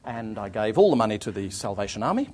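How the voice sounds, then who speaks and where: Lively man telling travel stories. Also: fairly low pitch, quick pace. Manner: lively, self-deprecating, with frequent restarts. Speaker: author giving a talk. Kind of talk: anecdotal storytelling to an audience.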